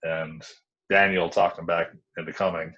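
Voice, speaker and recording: Man, very low voice, frank, rambling, casual interview guest. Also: little pitch movement, moderate pace, bright, forceful tone, dull audio. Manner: frank, rambling storytelling with many restarts. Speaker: interview guest, former pro wrestler.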